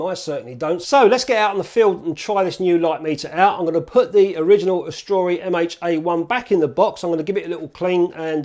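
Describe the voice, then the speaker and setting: A man's voice: a little high, a little mellow, dry recording. A man chatting casually and upbeat to camera as a film photography vlogger.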